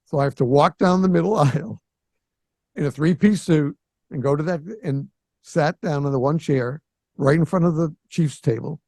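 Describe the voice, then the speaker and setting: The podcast host, an older man in his sixties, speaks at an ordinary pace in a slightly high, warm and mellow voice. In this casual storytelling he's animated and slips into quoted characters' voices; the audio is close and dry, with no echo.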